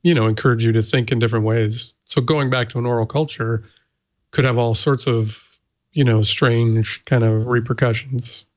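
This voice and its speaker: A man's voice: mid-range voice, steady tone, moderate pace, highs cut off. A man co-hosting a podcast in casual chat, giving short replies and dry quips. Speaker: podcast co-host.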